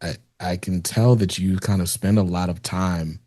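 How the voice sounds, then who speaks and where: A man hosting a podcast, chatting in a relaxed, rambling way with lots of fillers. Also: deep voice, moderate pace, no room sound, clean studio sound. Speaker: podcast host. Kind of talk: casual interview chat.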